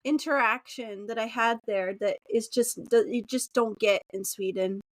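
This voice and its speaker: This woman in her thirties, from Utah, USA, is a podcast guest in a casual interview, chatting easily, laughing often, and sometimes performing quoted voices. Her voice is a little high at a normal speed, with no room sound.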